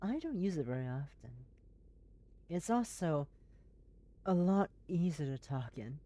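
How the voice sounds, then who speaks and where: Rambling, excitable game streamer. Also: medium pitch, unhurried, no echo. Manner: rambling, excitable, swears freely; talking in an airy put-on voice. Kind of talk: casual live game commentary.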